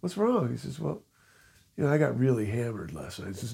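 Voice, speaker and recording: A man on a casual podcast telling a bar joke, animated and doing voices for each character. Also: mid-range voice, fairly quick, gravelly, breathy edge. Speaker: podcast co-host, musician.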